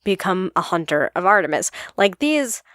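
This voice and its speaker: A young woman co-hosting a podcast, chatting casually, with lots of filler words and quick bursts. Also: lowish voice, big pitch swings, fairly bright tone, no room sound, studio quality. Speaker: podcast co-host. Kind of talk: casual chat.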